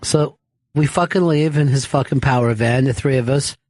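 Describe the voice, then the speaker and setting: A man telling a wild, profanity-filled story on a radio talk show, acting out the shouts and laughing as he goes. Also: medium pitch, moderate pace, no echo.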